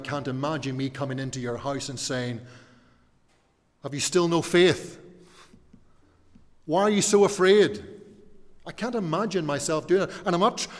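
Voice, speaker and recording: A male pastor delivers a sermon at an unhurried, deliberate pace. He is earnest, lifting into emphatic rhetorical questions and then falling quiet and soft. His voice carries the long reverb of a church hall. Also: medium pitch.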